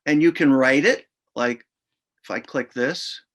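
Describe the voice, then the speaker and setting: A man's voice: medium pitch, unhurried, a bit bright. A middle-aged man explaining reading lesson procedures in an informal way, sounding out letters aloud as he goes. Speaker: reading instructor. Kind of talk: instructional explanation.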